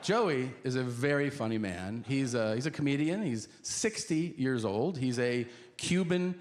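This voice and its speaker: A man doing stand-up, telling a profane story in an animated way with sudden shouts. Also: medium pitch, a little slow. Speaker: stand-up comedian. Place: comedy club stage before a laughing audience. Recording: live audience laughter and crowd noise.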